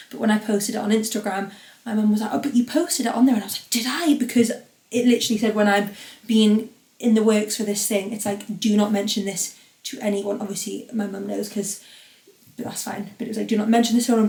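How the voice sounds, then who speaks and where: A woman's voice: mid-range voice, creaky, darkish tone. Young woman rambling through a solo podcast, lots of ums, echoey room. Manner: chatty and rambling, with many fillers. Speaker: podcast host. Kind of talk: casual solo podcast chat. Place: home podcast studio. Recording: roomy echo.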